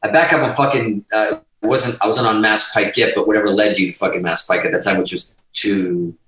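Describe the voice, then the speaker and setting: A middle-aged man, a guest musician, telling a story in a casual, animated way, swearing constantly and restarting his sentences. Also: fairly low pitch, fairly quick. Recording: roomy sound, distant from the mic.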